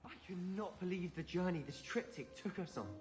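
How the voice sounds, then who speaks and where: A man's voice: high-pitched, moderate pace, lightly acted. An actor playing a young male wizard student, who makes dry, wry remarks between spells in a video game. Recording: game audio with reverb and loud music.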